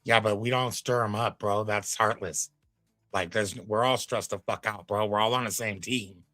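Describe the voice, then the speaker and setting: A man's voice: lowish voice, steady tone, normal speed, bright, forceful tone, dry recording, faint music behind. A man giving casual live commentary as a reaction streamer, laid-back and folksy, with drawling asides to his chat.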